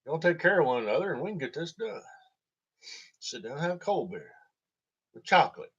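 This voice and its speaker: A Tennessee vlogger tells rambling comic stories and laughs at his own jokes, heard on a dull lo-fi recording. His voice is a little high, sing-song, fairly bright and slightly rough, at a moderate pace.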